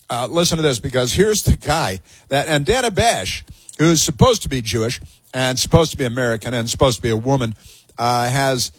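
A man's voice: medium pitch, breathy edge, no room sound. A man hosting a talk radio show, delivering a sarcastic, mocking monologue that rambles with many fillers and restarts.

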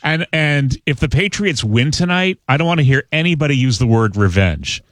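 A man's voice: medium pitch, expressive, moderate pace, a bit bright, dry recording. A man co-hosting a morning radio show, giving wry, opinionated sports talk. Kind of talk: casual morning radio chat.

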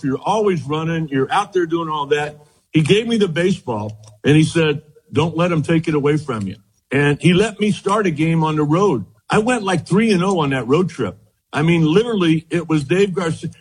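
A man, a former baseball pitcher, telling lively stories as a guest in an interview, often repeating himself as he goes. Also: husky, rough recording. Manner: animated storyteller, quotes others, repeats words. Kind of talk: storytelling interview chat.

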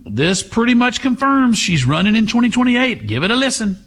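A man's voice: very high voice, very animated, a little fast, very noisy. A man hosting a talk radio show, giving sarcastic, mocking commentary. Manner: sarcastic, mocking, puts on voices.

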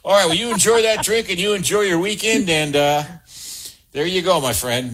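A man hosting a call-in sports radio show, brisk and joking as he keeps the calls moving. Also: sits high, a bit bright.

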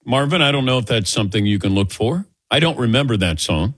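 Animated jokey sports radio host man. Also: mid-range voice, fast, husky, no echo, clean studio sound. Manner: jokey, teasing co-hosts. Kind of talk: casual radio chat.

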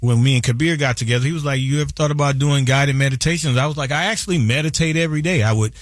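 A man in his fifties, a guest artist telling stories in a loose, animated way during a radio interview in a studio. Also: mid-range voice, very fast, dry recording. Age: 50s. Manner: loose, animated storytelling with laughs. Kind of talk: casual interview chat.

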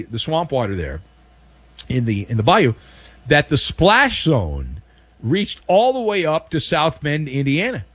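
A man hosting a daily sports talk show, delivering sarcastic, mocking commentary with animated emphasis. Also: sits high, dry recording.

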